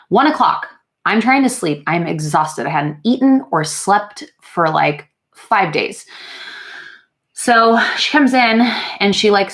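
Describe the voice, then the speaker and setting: A woman's voice: on the low side, fairly bright tone. A young woman telling a story in a casual get-ready-with-me vlog, frank and exasperated, swearing freely with many fillers. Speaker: beauty vlogger. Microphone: camera mic while doing makeup.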